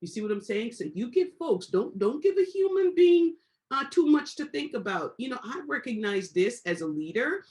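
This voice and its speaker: A woman giving a motivational coaching talk to a group on a call. She talks in a preacherly way, repeats lines for emphasis and swings up loud and high. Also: very animated, normal speed. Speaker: business coach.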